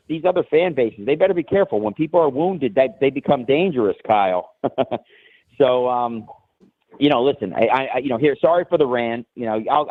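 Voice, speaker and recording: A man from New Jersey calling in to a show, rambling and halting with many restarts. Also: medium pitch, no echo. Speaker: caller. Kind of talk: call-in rant. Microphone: phone. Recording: tinny phone line.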